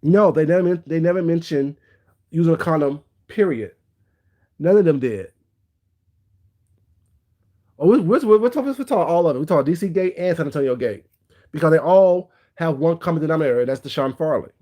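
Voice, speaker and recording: A man's voice: a little high, lively intonation, a little fast, pauses often, dark tone. A man hosting a casual livestream, giving blunt, gossipy commentary and greeting viewers by name. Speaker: livestream host.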